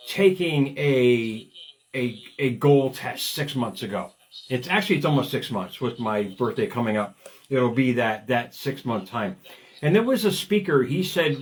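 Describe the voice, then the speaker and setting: A man in his fifties hosting a motivational talk show, speaking energetically and digressing, often repeating words as he starts a thought. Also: mid-range voice. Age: 50s. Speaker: radio show host.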